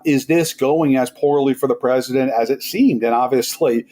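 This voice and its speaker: A man guesting on an interview podcast as a political journalist, talking in a relaxed, plainspoken way. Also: mid-range voice, moderate pace. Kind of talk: interview conversation.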